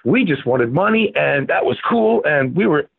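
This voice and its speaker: A man's voice: on the high side, lively intonation, normal speed, creaky, husky, no room sound. A man in his sixties from Florida, a guest telling a rambling story with many fillers and restarts. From Florida, USA. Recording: tinny phone-like line.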